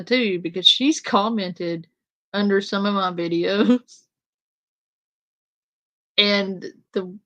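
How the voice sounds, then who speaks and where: A woman's voice: medium pitch, fairly bright tone, poor audio. A woman panel guest ranting in an exasperated, profane way in casual commentary.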